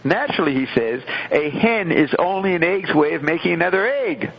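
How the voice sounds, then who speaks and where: A gravelly, husky man hosts a radio show, reading a text and breaking off to explain it. His pitch swings widely as he digresses playfully. The recording sounds dull and lo-fi. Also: expressive, fairly quick. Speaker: radio host. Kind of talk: lecture-style commentary, reading aloud and explaining.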